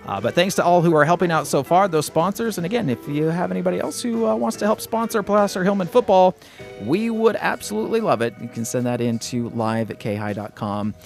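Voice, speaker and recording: Male morning radio host, high and lively voice, chatty and rambling, faint music underneath. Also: fairly quick, creaky. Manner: upbeat, chatty, rambling with fillers and restarts. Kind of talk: casual morning radio chat. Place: radio studio.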